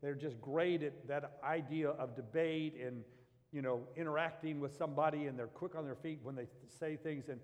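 A man's voice: a little high, steady tone, normal speed. A man preaching as pastor, talking in a loose, conversational way with restarts and asides. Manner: conversational, rambling storytelling with restarts. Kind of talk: sermon. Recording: long hall reverb.

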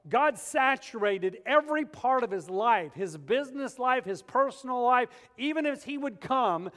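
A man preaching a sermon as pastor, telling stories with animated humor. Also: very high voice, normal speed. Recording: long reverb of a large hall.

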